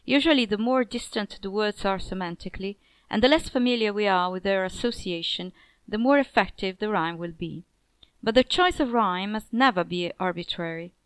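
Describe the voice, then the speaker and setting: A woman with a smooth, clear voice at a middle pitch reads a scripted lesson on poetry. Her delivery is measured, and each line drops away at the end. The sound is close and dry, with no room around it. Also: no echo. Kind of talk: scripted educational narration.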